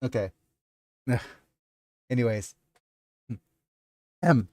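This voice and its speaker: A man hosting a livestream, talking in an unhurried and rambling way as he answers his chat. His voice sits in the middle of the male range and sounds close and dry, with almost no room around it. He wanders from point to point with plenty of stops and restarts. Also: mid-range voice, darkish tone, no room sound. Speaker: livestream host. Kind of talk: casual livestream chat and reading aloud.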